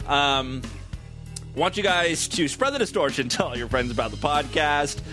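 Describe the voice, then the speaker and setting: A man's voice: on the high side, animated, moderate pace, music in the background. A man hosting a podcast, chatting loosely and laughing easily as he reacts to callers and signs off. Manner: laughs often, loose and jokey. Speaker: podcast host. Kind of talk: casual podcast chat.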